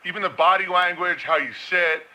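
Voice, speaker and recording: A man's voice: sits high, steady tone, fairly quick, bright, forceful tone, low-quality recording. A man giving a casual, rambling commentary monologue, slipping into mocking impressions.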